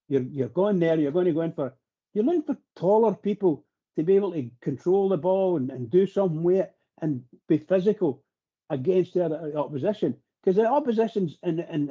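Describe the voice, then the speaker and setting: A man's voice: high-pitched, slightly rough, dull audio. A man talking passionately on a live radio phone-in, rambling and repeating himself as he gets worked up. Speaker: phone-in pundit.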